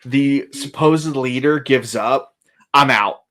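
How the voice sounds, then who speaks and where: A man's voice: medium pitch, slow pace, a bit bright. A man co-hosting a casual review podcast, sounding wry and dismissive, with hesitant starts. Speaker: podcast co-host reviewing episodes. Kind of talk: casual chat.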